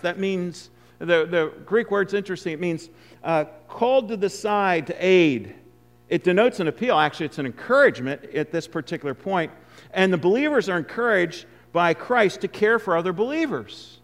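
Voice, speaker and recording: A male preacher giving an expository sermon, emphatic, with loud stresses and hushed asides. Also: sits high.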